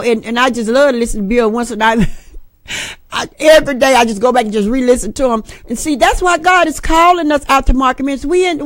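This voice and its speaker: A woman's voice: sits high, dry recording. A middle-aged woman, preaching an informal sermon with folksy jokes and asides to the congregation.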